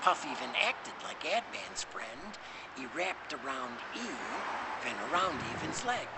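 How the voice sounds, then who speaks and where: A man's voice: on the high side, very animated, unhurried. A man telling a poetic story in a dramatic, swooping, word-playing way, recorded with noise behind.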